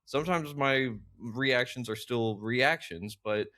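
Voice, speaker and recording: Guy hosting a podcast, thinking out loud, says like a lot, mid pitch. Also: takes it slowly. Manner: reflective, many fillers like 'like'. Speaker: podcast host. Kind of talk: casual interview chat.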